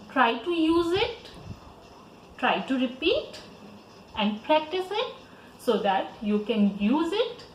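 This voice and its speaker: Woman, Indian English accent, children's teacher, sing-song, slow, faint background hum. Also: high-pitched, roomy sound, rough recording. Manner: slow, lively, sing-song teaching voice with repeat-after-me prompts. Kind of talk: online lesson for young children.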